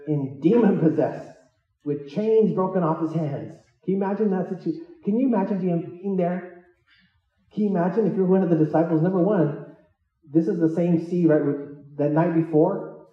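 A man's voice: on the high side, normal speed, reverberant, far from the mic, lo-fi sound. A man preaching a sermon as a pastor, who jokes and acts out the disciples' lines as he tells the story. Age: adult with children. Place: church hall.

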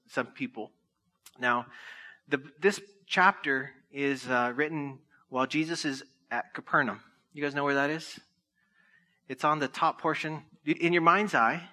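A man preaching a sermon in a conversational way, often checking in with his listeners with "right?" and dropping soft and slow when he quotes. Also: fairly high pitch. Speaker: pastor.

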